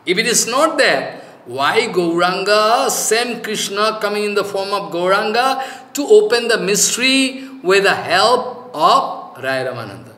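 High bright man preaching. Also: animated, roomy sound. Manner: informal halting English with frequent "you know" fillers; emphatic, repeats key phrases. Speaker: spiritual teacher. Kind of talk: devotional scripture discourse.

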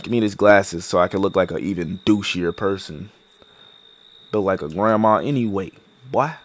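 A man's voice: deep voice, normal speed. A young man giving casual, joking gameplay commentary, profane and improvising lines. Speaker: gaming streamer.

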